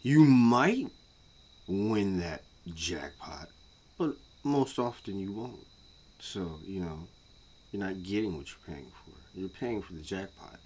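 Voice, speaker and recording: A man ranting casually to camera as a vlogger, profane and repetitive, swinging from muttering to yelling. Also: sits low, animated, takes it slowly, a little hiss or hum.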